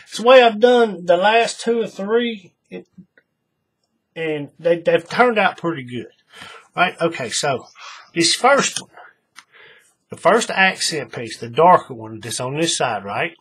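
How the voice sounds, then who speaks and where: A man's voice: fairly high pitch, animated, measured pace, long pauses, fairly bright tone, slightly rough. A man hosting a hands-on craft tutorial, chatting in a folksy way to his viewers while he works. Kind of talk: casual hands-on craft demonstration.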